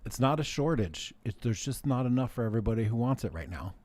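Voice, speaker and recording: A man's voice: medium pitch, lively intonation, fast talker, darkish tone. A man appearing as a guest on a live talk show, speaking plainly and matter-of-factly in casual chat.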